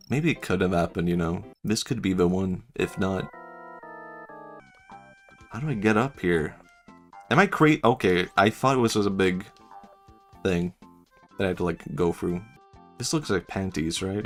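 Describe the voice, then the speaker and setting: A young man streaming a game, chatting casually, rambling and laughing often as he jokes. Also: low-pitched. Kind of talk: casual gaming stream chat.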